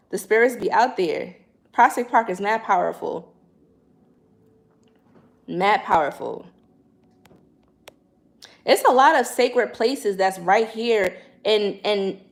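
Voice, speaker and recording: A young woman, hosting a casual livestream and chatting in slangy, animated talk straight to her viewers. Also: mid-range voice. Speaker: spiritual livestream host.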